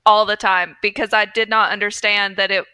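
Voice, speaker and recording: A woman's voice: mid-range voice, little pitch movement, normal speed, sharp tone, smooth, no room sound. A young woman co-hosting a casual podcast chat, chatty and fannish, laughing often. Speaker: podcast co-host.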